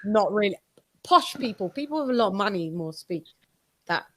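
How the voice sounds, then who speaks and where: A British woman hosting a casual group chat, talking fast and slipping into slang. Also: mid-range voice, animated. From United Kingdom. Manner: chatty, slips into impressions and slang. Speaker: show host.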